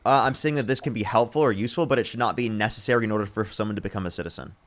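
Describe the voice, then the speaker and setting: Debate host, male, rapid-fire, pushy, a bit low in pitch. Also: a bit bright, slight background noise. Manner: quick, insistent, argumentative. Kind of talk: heated online debate.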